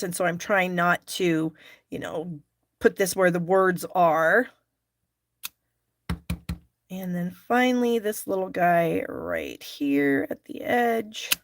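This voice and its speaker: A woman's voice: fairly low pitch, slow pace, a little hiss or hum. A woman hosting a live stamping class, chatting and thinking aloud as she works. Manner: chatty, thinks aloud while working, fillers. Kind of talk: live craft demonstration.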